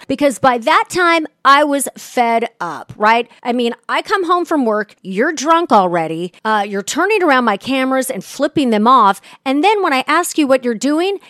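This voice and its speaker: A woman's voice: fairly high pitch, dry recording, studio quality. Blunt, exasperated woman podcaster. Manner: blunt, exasperated, swears freely. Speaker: podcast host. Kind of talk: casual storytelling.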